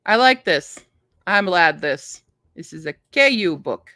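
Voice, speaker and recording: A woman's voice: fairly low pitch, lively intonation, measured pace, pushed and bright, no room sound. A woman hosting a casual livestream, chatting and reading book blurbs aloud. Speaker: book streamer.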